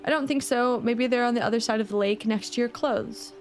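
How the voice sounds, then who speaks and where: A woman's voice: a little high, steady tone, a little fast, faint music behind, lightly acted. A woman reading aloud the lines of a kindly talking cat from a video game. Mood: friendly. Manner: reading dialogue aloud plainly.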